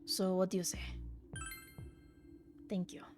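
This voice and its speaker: A woman voicing a polite, soft-spoken townsman from a game, reading his lines in a hushed, breathy way. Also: fairly low pitch, completely flat delivery, takes it slowly, soft background music. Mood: apologetic.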